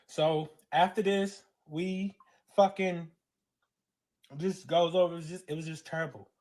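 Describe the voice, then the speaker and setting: Man, Southern accent, fairly high voice, confessional storytelling, tearful and raw. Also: little pitch movement, brisk, a little mellow. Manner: dramatic retelling with quoted voices, grows tearful. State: crying. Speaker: storyteller recounting a personal story. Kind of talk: emotional personal storytelling.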